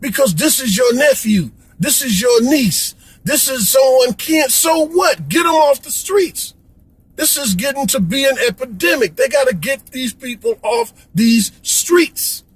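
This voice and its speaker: A man's voice: very high-pitched, lively intonation, unhurried, husky, no echo, poor audio. A middle-aged man from Chicago, delivering an impassioned, pleading rant as a vlogger and repeating "come on, man.". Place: Florida.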